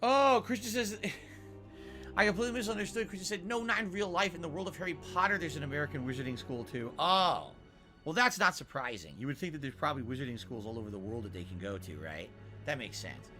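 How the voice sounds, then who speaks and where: A man in casual gameplay commentary, his voice pitched high and swooping all over the place. He gets loud and excitable, then drops to muttering. Faint music plays behind him. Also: fast talker. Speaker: streamer.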